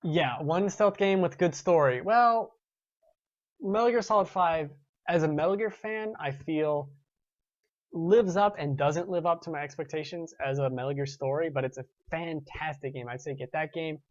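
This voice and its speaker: A man's voice: on the high side, moderate pace, dry recording, dull audio. A man in his twenties hosting a gaming show, chatting casually and rambling with restarts while reading viewer comments. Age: 20s.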